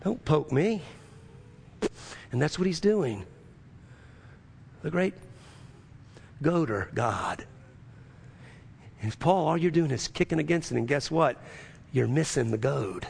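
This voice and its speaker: Gravelly high-voiced preacher. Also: male voice, animated, a little slow, pauses often. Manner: emphatic, rhetorical questions to the congregation. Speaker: pastor. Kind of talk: sermon.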